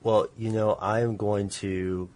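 A man's voice: lowish voice, level tone, unhurried, a little mellow. A man hosting a casual talk, asking questions and sometimes stumbling over his words. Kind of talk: casual conversation.

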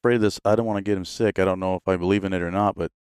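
A man's voice: deep voice, rapid-fire, clear, resonant tone, dry recording, studio quality. A man telling hunting stories on a podcast in a casual, laughing way, often quoting others. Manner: laughing, animated storyteller doing quoted voices. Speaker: podcast guest. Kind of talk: casual storytelling.

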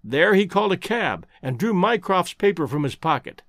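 Male audiobook narrator, expressive, dry close recording. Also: high-pitched, normal speed, no echo. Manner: expressive storytelling. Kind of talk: scripted narration.

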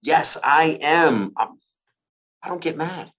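A man's voice: a little high, expressive, takes it slowly, fairly bright tone. A man giving a profane, emphatic motivational talk as a podcast guest.

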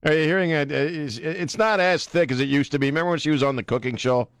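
A man hosting a radio talk show, mocking and opinionated in a sarcastic, animated way. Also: a little high, quick pace, dry recording.

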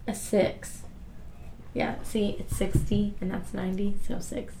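A woman's voice: mid-range voice, flat delivery, unhurried, gravelly, mellow, roomy sound, slight background noise. A woman playing a tabletop game who asks curious questions and laughs often. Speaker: player.

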